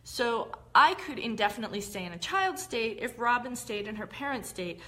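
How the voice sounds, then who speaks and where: A woman's voice: on the high side, animated, normal speed, pushed and bright. A woman hosting a live-streamed talk, explaining ideas in a conversational, explanatory way. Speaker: host.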